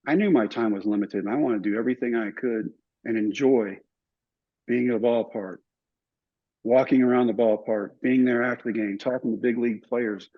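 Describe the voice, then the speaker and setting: An older man tells stories in an interview with a husky voice, acting out the people he quotes. His voice sits at an ordinary pitch. The recording sounds somewhat dull and muffled. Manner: animated storyteller, acts out other people's lines. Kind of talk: telling stories in a relaxed interview.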